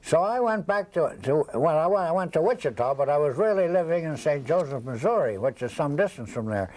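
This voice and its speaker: Brief: older man, high-voiced, rambling raconteur who slips into the voices of people in his stories. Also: lively intonation, a little fast, a little mellow, rough recording. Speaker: interviewee, storyteller. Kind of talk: casual anecdotal storytelling.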